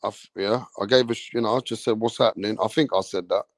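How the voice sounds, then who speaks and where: An English man hosting a boxing channel rants angrily on a livestream, swearing constantly and repeating himself. His voice sits on the low side with fairly even intonation, and he talks fast. The recording is clean studio sound with no room noise.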